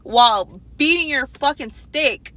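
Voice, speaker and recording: Woman, high bright voice, casual storytime rant, profane and animated. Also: a little slow, no echo. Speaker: storyteller vlogger. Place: parked car in a parking garage.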